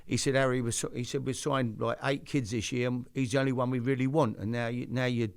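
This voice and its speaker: A man's voice: mid-range voice, fairly even intonation, a little fast, gravelly, clean tone. An older man hosting a chat show, telling stories in a rambling way with many restarts. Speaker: host. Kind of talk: casual storytelling chat.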